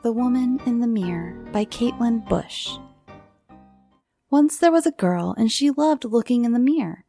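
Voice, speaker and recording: Woman reading spooky kids' tales slowly. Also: on the high side, lively intonation, gravelly, warm tone, dry recording. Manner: slow, dramatic with dips into whispers. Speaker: storyteller host. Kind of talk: bedtime scary story narration for kids. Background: faint music.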